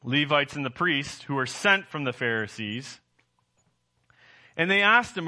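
A middle-aged man from the Southern United States preaching a sermon as pastor, posing rhetorical questions to the congregation with animated rises and drops. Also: fairly high pitch, a little slow.

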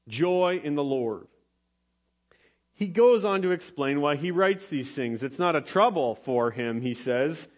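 Man, pastor, sermon, slow deliberate delivery, slightly high voice, humorous asides. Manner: expressive preaching with humor and rising emphasis.

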